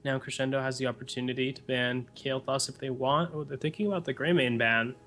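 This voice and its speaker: Young male esports analyst, earnest and thoughtful, mid-pitched, light music bed. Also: steady tone, fairly quick, a bit bright. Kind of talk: live esports commentary.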